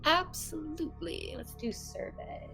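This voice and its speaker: Calm woman tabletop player. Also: sits high, measured pace, gravelly, soft background music. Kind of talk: tabletop game play.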